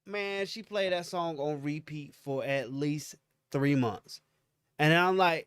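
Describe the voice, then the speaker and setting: Man, young adult, high voice, dry close sound, casual co-host chat, animated, slangy storyteller. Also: measured pace, clear, resonant tone, no room sound. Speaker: podcast co-host.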